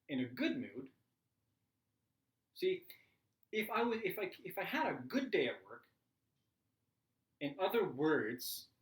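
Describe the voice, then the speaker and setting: A man teaching a live class, telling a personal story in a candid, animated way with frequent "right?" asides. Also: fairly high pitch, echoey room, low-quality recording. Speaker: meditation teacher.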